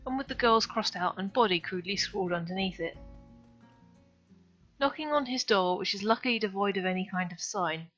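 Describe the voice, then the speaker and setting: A woman's voice: medium pitch, brisk, a bit bright. A woman streaming herself reading a visual novel aloud, adding wry asides. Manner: wry asides between dialogue. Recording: dull lo-fi stream audio, faint music.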